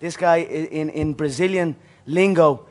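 A man's voice: fairly high pitch, measured pace, a little mellow. A man from Ireland trash-talking an opponent in a boastful, rhyming way. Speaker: fighter. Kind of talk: trash talk.

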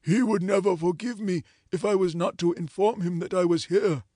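A man voicing a hoarse, frightened old male councillor in a storybook reading, mournful and trembling. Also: sits high, moderate pace, warm tone, dry recording, studio quality. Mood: genial.

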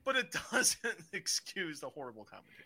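Male podcast host, high and very lively voice, bright edge, swears and tells stories with energy. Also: a little fast. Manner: excitable, swears freely, acts out stories. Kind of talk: casual wrestling review chat.

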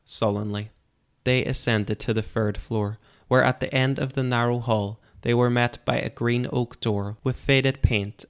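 A man with a low, smooth and resonant voice narrates a fantasy story. His reading is calm and measured, in a steady audiobook style.

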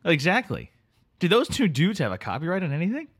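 A man's voice: fairly high pitch, huge pitch swings, brisk, husky. A man co-hosting a casual podcast who keeps teasing and joking with his co-host. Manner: teasing, jokey.

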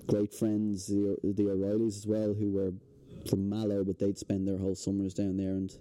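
A young Irish man talks as a podcast guest, his voice low and very dark. He tells stories in a relaxed, rambling way, with plenty of fillers. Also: normal speed. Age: young adult. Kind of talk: casual chat. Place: indoors, hotel podcast setting.

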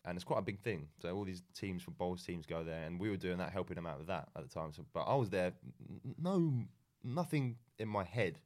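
A man's voice: low-pitched, animated, brisk, hardly any pauses, darkish tone. A young man telling his story as a podcast guest, in a rambling, laid-back way with plenty of ums and restarts. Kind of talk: casual storytelling chat.

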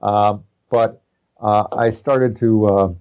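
Middle-aged male guest, low mellow voice, loose rambling delivery. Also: fairly even intonation, slow, lo-fi sound. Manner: rambling, many fillers and restarts. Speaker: guest, practitioner studying naturopathy. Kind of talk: casual interview chat.

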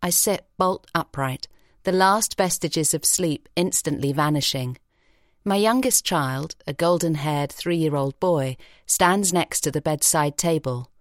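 Woman, low voice, expressive audiobook narration, dry studio. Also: no echo. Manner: measured, expressive storytelling. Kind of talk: scripted narration. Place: recording studio.

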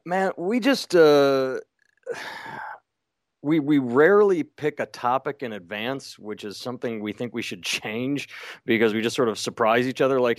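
A man who is a comedian, guesting on a podcast with deadpan, self-mocking humor. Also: medium pitch, unhurried, dry recording, clean studio sound. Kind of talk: casual podcast interview.

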